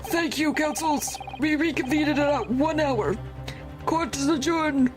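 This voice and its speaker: Old frail judge, solemn and slow, voiced by a woman, high thin voice over game music. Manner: slow, stately courtroom speech. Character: old feeble male judge, formal and solemn.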